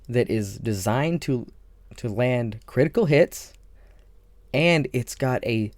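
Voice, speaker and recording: A man hosting a gaming channel, talking casually and excitedly about a video game, thinking aloud as he goes. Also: mid-range voice, measured pace, dry recording, clean studio sound. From Ireland. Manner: enthusiastic, rambling, thinks aloud.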